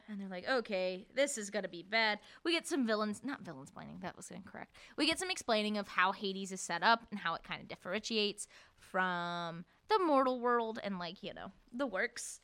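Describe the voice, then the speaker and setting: A young woman co-hosting a casual book podcast, laughing often and acting out characters' lines in quick voices. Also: mid-range voice, lively intonation, sharp tone, clean tone. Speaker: podcast co-host.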